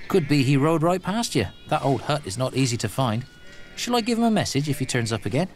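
An actor playing a shrewd but friendly shepherd who talks in a plain, easygoing way in a video game. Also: male voice, medium pitch, very animated, brisk, slight background noise. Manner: plain-spoken, easygoing haggler.

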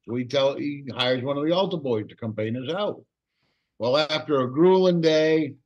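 A man on a casual talk show telling jokes in an unhurried storyteller's way. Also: a little high, dull audio.

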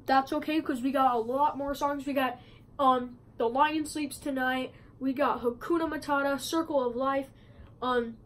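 A woman's voice: high voice, low-quality recording. A woman chatting casually in a movie review vlog, rambling with many fillers and restarts, filming at a friend's house. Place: a friend's house, not her usual filming spot.

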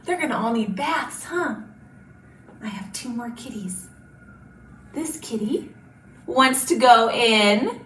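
A woman children's librarian leads a storytime activity with exaggerated gasps and slow, careful speech for small children. Her high voice leaps around its range. The recording is roomy and distant. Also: a bit bright. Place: library room. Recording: roomy and distant, faint hiss.

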